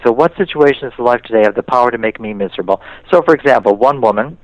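A man's voice: mid-range voice, quick pace, dry recording, dull audio. A man, a priest, giving a spiritual talk in an interview and telling stories in which he quotes other people. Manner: storytelling, slips into quoted voices.

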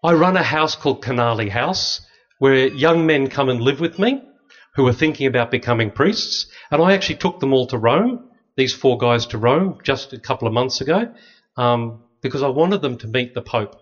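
A middle-aged man, a priest, telling lively stories with dry humor to an audience. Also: medium pitch, moderate pace. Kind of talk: storytelling talk to an audience. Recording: slightly dull lo-fi recording.

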